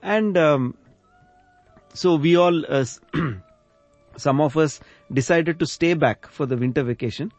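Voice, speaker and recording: Man, relaxed reminiscing chat, thoughtful, halting fillers, fairly high pitch, dry recording. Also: no echo, highs cut off, soft background music. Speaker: conversation partner.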